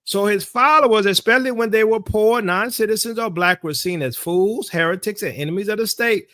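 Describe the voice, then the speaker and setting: A male Bible teacher delivers an insistent, sermon-style lesson, driving his points home by repeating phrases. His voice sits high and carries a sharp, forceful edge. The sound is dry and close, with no room around it. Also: fairly quick, dry recording.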